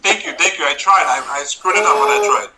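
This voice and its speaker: Very bright, sharp male voice, playful co-host with silly reasons for his picks. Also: a little high, fast talker, slight background noise, rough recording. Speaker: podcast co-host. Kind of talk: casual chat.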